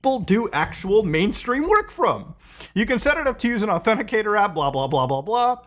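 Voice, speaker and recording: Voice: medium pitch, very animated, a little fast, a bit bright. A video narrator giving an explanation, with stammered fillers as the thoughts restart.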